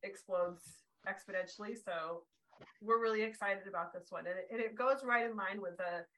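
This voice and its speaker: An excitable woman who chatters happily on a podcast, her enthusiasm spilling into every sentence. Her voice is bright and sharp, at a middling pitch for a woman. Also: normal speed, rough recording. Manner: bubbly, excitable, talkative; tears up when excited. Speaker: podcast host. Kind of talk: casual podcast chat.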